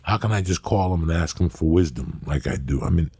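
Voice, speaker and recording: Very raspy deep-voiced man telling stories. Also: brisk. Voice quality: very raspy and gravelly. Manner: animated, rambling, acts out scenes. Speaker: podcast host. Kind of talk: casual storytelling chat.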